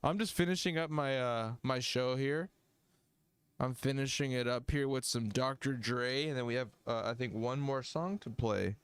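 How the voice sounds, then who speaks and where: A man hosting a livestream music review, talking casually, joking and swearing as he thinks out loud. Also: mid-range voice, moderate pace, smooth, no echo. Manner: profane, jokey, thinks aloud.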